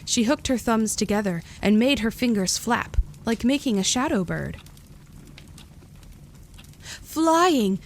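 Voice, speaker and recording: Woman calmly narrating a storybook. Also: fairly high pitch, moderate pace, few pauses, a little hiss or hum.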